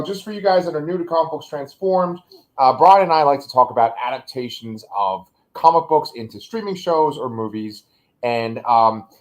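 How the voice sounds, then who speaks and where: A man's voice: mid-range voice, low-quality recording. A man with a nasal voice co-hosting a casual review podcast in a loose, upbeat, chatty way. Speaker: podcast co-host.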